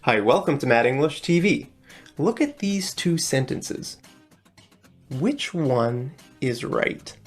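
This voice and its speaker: Woman teaching in a lesson video, low and unhurried, friendly explainer. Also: sing-song, husky, faint music behind. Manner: friendly, repeats "okay" often, explains slowly. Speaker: English teacher. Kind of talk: recorded English lesson video.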